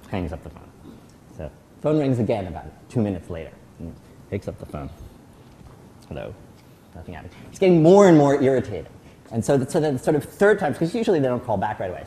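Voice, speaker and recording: A middle-aged man tells a long anecdote as a guest speaker at a celebration. His pitch swings up and down as he goes. He often stops and restarts his sentences. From United States. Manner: animated storytelling with frequent restarts. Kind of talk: anecdotal tribute speech.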